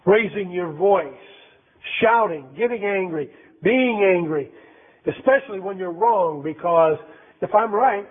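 A man preaches in a high, emphatic, conversational voice, repeating phrases for weight. The recording is thin and phone-like. His delivery moves between reflection and insistence. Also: measured pace. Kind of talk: sermon. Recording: tinny phone-like sound.

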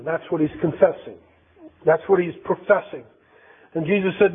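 A man preaches in a high, emphatic, conversational voice, repeating phrases for weight. The recording is thin and phone-like. His delivery moves between reflection and insistence. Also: expressive, normal speed, slightly rough. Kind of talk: sermon. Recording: tinny phone-like sound.

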